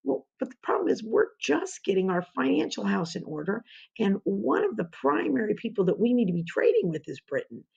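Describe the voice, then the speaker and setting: A woman's voice: mid-range voice, sing-song, brisk, creaky, a little mellow, husky, lo-fi sound. A woman teaching a history lesson in an informal, conversational way, asking rhetorical questions as she goes. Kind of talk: informal classroom lecture.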